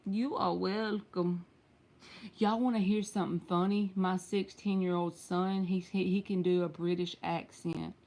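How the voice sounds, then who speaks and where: A Southern woman, probably in her thirties or forties, does a casual tarot reading on a live stream from home, chatting directly with her viewers. Her low-leaning, warm voice is flat in delivery, at normal speed with few pauses.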